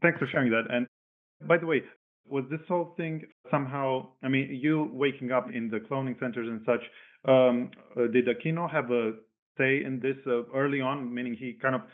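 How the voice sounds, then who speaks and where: Interviewer guy, calm, short replies, sounds like a phone call, mid pitch. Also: normal speed. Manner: calm, brief affirmations. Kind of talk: casual interview questions. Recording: tinny phone-like line.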